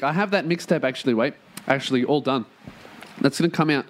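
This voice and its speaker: Man, podcast host, slightly high voice, swears a lot, rambling solo chat. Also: fast. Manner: profane, self-mocking, rambling. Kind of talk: rambling casual monologue. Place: room in a shared workplace.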